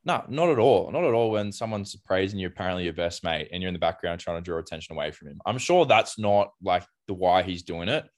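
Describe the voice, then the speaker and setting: A man's voice: deep voice, expressive, quick pace, hardly any pauses. An Australian man co-hosting a podcast in casual, easygoing chat. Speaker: podcast co-host.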